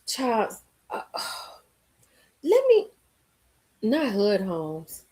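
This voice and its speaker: A woman's voice: medium pitch, drawn-out words. A woman hosting a live stream, chatting casually and emphatically with her viewers, repeating lines for effect. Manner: animated, talks straight to viewers reading the chat.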